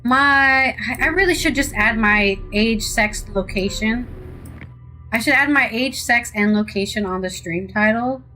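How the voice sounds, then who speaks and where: A woman's voice: fairly high pitch, unhurried, bright, forceful tone, soft background music, low-quality recording. An American woman streaming a game, chatting casually and rambling with sarcastic asides. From United States. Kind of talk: casual live-stream chat while playing.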